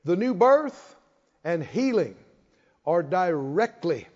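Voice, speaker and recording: A man preaching a sermon as pastor, leading the congregation in call-and-response and building to emphatic shouts. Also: high voice, sing-song, slow pace. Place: church sanctuary. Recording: reverberant hall, dull lo-fi sound.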